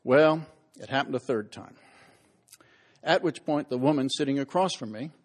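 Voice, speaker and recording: A man's voice: medium pitch, moderate pace. A man giving a humorous public lecture as a historian, telling anecdotes with self-deprecating humor and acting out the voices in his stories. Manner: acts out quoted voices loudly.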